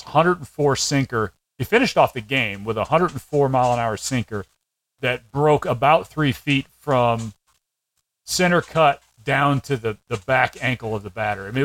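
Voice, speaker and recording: A man with a mid-range voice co-hosts a casual sports podcast. He makes wry, deadpan jokes and walks through pitches in careful detail. The recording is dry and close to the mic. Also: no echo, low-quality recording. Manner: wry, deadpan quips, detailed play breakdowns. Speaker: podcast co-host.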